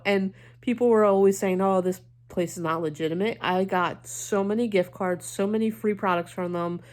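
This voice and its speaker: A woman vlogger in her thirties chatting casually, telling stories in a chatty, animated way and acting out what people said. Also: mid-range voice, moderate pace, hardly any pauses. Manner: chatty, animated storytelling with quoted voices. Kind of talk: casual chat.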